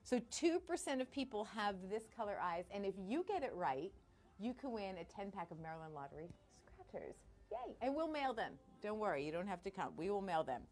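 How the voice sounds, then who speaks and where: A woman's voice: mid-range voice, sing-song, a little fast, darkish tone, faint music behind. A middle-aged woman radio host chatting casually on a live stream from her studio, bubbly and self-deprecating.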